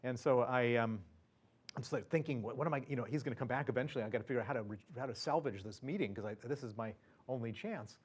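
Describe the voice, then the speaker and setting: A man's voice: mid-range voice, fast talker, husky. A man speaking as a guest at an event, telling a personal story in a chatty way, full of fillers, restarts and chuckles. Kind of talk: anecdotal storytelling to an audience.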